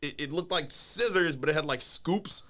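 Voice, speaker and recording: A man telling stories as a guest on a casual podcast, animated and casually swearing. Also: a little high, normal speed. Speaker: wrestler guest.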